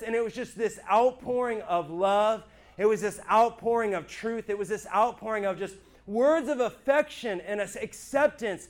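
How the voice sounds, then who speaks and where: A man sharing his church testimony with a small group, earnest and animated, often checking in with his listeners. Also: sits high, moderate pace. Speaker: speaker giving his testimony.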